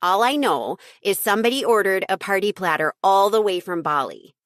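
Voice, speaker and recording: A woman's voice: mid-range voice, animated, normal speed, no room sound, studio quality, close to an everyday voice. Teen girl posing as a caterer , read by a woman: fake accent, syrupy politeness. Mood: faux-polite. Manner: put-on accent, fake sweetness.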